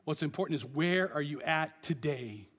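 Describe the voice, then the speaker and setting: A man preaching a passionate sermon as pastor, swinging between loud declarations and hushed, quiet lines. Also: a little high, animated, moderate pace, slightly rough, in a large hall.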